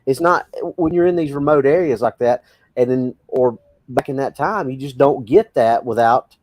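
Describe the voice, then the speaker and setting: A man co-hosting a paranormal podcast, making his case in an animated, argumentative way. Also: mid-range voice, normal speed, no room sound, studio quality. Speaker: podcast co-host. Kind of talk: casual group chat.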